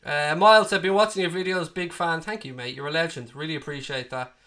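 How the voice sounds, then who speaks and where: Speaking quickly in a fairly high, pushed and bright voice, this Irish livestream host from Dublin, in his late thirties, runs a football watchalong. He's blunt and sweary with his viewers, and a cold has him sounding a bit off.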